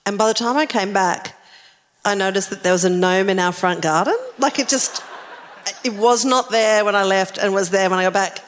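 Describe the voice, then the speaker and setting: A middle-aged woman spins a comic anecdote for a live crowd, laughing as she goes. Her voice sits at an everyday pitch. A long reverb hangs behind her, like a hall. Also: moderate pace. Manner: laughing, animated anecdote telling. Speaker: podcast co-host. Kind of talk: casual storytelling chat before a live audience.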